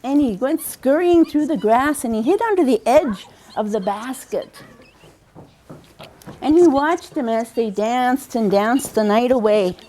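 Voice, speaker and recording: A woman with a high voice tells a folk tale aloud. She is lively and warm in pacing, slowing down for emphasis and repeating key phrases for rhythm. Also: a little hiss or hum. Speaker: storyteller. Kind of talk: oral storytelling of a folk tale.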